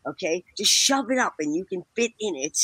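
Woman storyteller, husky tone, animated voices for quotes, close dry mic. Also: brisk, no room sound, poor audio. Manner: acts out quoted people with big pitch jumps, laughs while talking. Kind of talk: animated anecdote telling.

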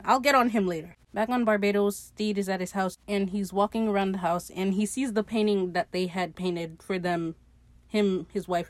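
A woman's voice: mid-range voice, no echo. A young woman casually recapping a TV episode on her podcast, chatty and sarcastic, swearing freely and laughing at her own jokes.

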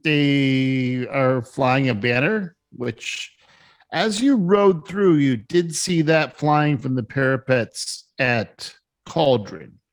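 Brief: male game master, unhurried, pauses and fillers, mid pitch. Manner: halting, many fillers. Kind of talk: narrating a tabletop game.

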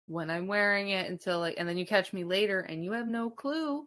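A woman co-hosting a podcast in loose, casual chat, her vowels carrying a Minnesota twang. Her voice is bright and forceful, and she builds into emphatic, swearing rants. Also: mid-range voice, fairly quick. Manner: emphatic and profane, with rising outbursts. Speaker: podcast co-host.

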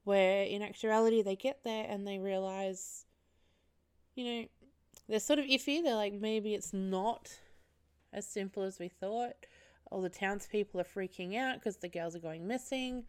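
A young woman recapping a film solo on her podcast, chatty and profane with frequent laughs. Her voice is smooth and clear, at an ordinary middle pitch for a woman. She rambles loosely and goes off on animated tangents. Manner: chatty, sweary, laughs often, animated asides. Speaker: podcast co-host, film reviewer. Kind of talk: casual solo podcast review.

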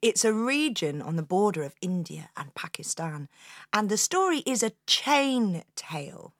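A woman hosting a storytelling podcast, telling a folk tale to children in an expressive, inviting way. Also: mid-range voice, measured pace, dry recording, clean studio sound. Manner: expressive, inviting the listener to join in.

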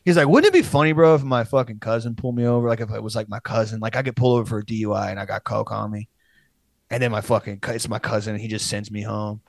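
A man's voice: on the low side, steady tone, fast, creaky, no room sound. A young man in his twenties, a comedian, telling a rambling, profane story in casual chat, jumping into friends' voices as he quotes them.

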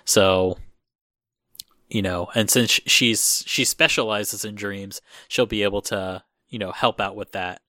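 Bright-voiced man chatting casually. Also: on the low side, fairly even intonation, measured pace, no room sound, studio quality. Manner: rambling, many fillers and restarts. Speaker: host. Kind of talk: casual podcast chat.

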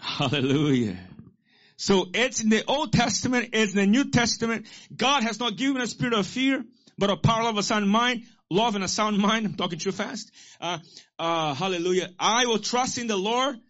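A man's voice: sits high, lively intonation, moderate pace, a bit bright, lo-fi sound. A man preaching a sermon as pastor, exhorting his listeners and repeating key lines for them to say back.

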